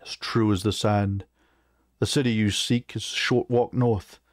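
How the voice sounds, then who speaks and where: A man voicing a proud, weary male orc chieftain who speaks slowly and firmly in a fantasy reading. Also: on the low side, fairly even intonation, no room sound, clean studio sound, lightly acted. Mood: composed.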